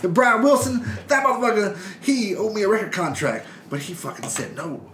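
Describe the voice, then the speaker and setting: A man putting on the voice of an unhinged, boastful older male cult leader in jail, shouting and drawling. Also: high voice, animated, fairly quick, voice pushed up. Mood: ranting boast. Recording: roomy echo, faint hiss.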